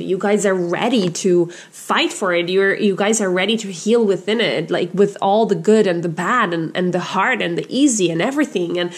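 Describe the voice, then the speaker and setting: A woman's voice: on the low side, slightly rough. A woman giving a casual tarot reading to her viewers, gushing and repetitive and often calling them you guys. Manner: frequent fillers and restarts, addresses viewers as you guys. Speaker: tarot reader.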